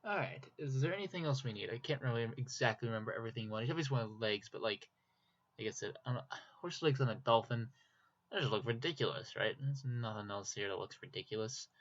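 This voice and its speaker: A man's voice: medium pitch, fast. A young man from Minnesota with a Minnesotan accent, rambling casually to himself while drawing, with self-deprecating asides. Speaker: YouTuber. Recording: dull lo-fi mic.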